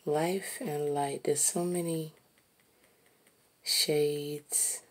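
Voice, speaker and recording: A woman musing aloud while she draws, slow and reflective, sometimes dropping to a soft whisper. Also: low voice, steady tone. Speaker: artist narrating while drawing. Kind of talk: reflective casual monologue.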